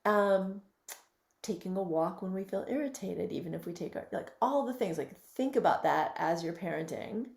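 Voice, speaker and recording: A woman in her fifties, a physician and midwife, giving reflective, gently emphatic advice as an interview guest over a video call. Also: on the low side, lively intonation, moderate pace, creaky. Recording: roomy echo.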